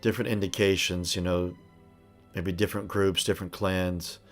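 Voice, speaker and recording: Male game master, unhurried and descriptive, deep voice. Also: level tone, faint music behind. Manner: unhurried, descriptive, with some hesitations. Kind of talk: narrating a tabletop game.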